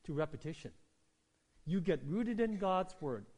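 A man preaching a sermon as pastor, swinging from hushed lines to loud cries and often asking the congregation for agreement. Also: a little high, expressive, measured pace.

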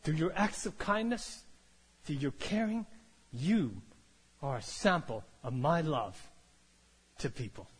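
A man preaching a sermon, telling a story that builds from quiet to loud and calling out for amens. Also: on the high side, animated, slow pace, long pauses, slightly rough, long reverb tail. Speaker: pastor.

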